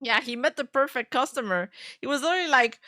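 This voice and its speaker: A young woman streamer chatting casually and telling stories in an animated way. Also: high-pitched, fast, dry recording, clean studio sound. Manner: animated storytelling, laughs often. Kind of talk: casual chat.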